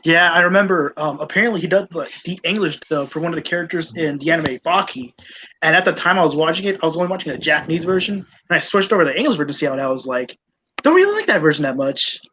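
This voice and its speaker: A man's voice: fairly high pitch, racing, sharp tone, slight background noise. A man chatting casually on a podcast, laid-back with short remarks. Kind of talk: casual chat. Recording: dull lo-fi mic.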